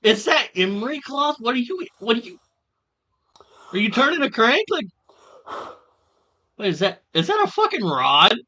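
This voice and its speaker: A man rips into a stream with crude, mocking reaction commentary and keeps cracking up. His voice is bright and sharp, and his pitch swings widely as he talks. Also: sing-song, normal speed, long pauses, a little hiss or hum. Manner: crude, mocking, laughs often. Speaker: stream reviewer.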